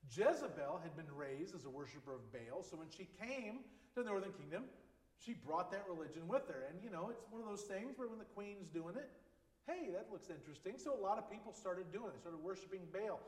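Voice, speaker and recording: A man's voice: high voice, lively intonation, fairly quick. A man preaching an informal sermon as a pastor, speaking conversationally with joking asides. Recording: echoey hall with long reverb.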